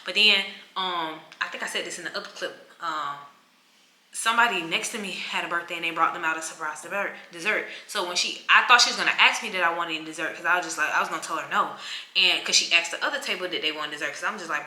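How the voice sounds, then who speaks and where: A young woman tells an animated, casual vlog story and acts out the people she quotes. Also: lowish voice, fast talker, roomy sound. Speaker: travel vlogger.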